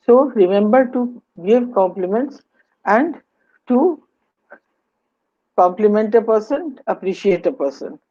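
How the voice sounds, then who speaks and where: A woman's voice: mid-range voice, expressive, unhurried, long pauses, dark tone, highs cut off. A woman with an Indian English accent giving a webinar lecture, teaching in an instructive way, asking rhetorical questions and slipping into Hindi. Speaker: webinar speaker on communication skills.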